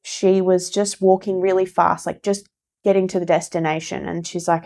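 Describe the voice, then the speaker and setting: Tarot reader, female, lowish gravelly voice, soft and reassuring, says things twice to stress them. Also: flat delivery, moderate pace. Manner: gentle, encouraging, repeats herself for emphasis. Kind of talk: casual spoken tarot reading.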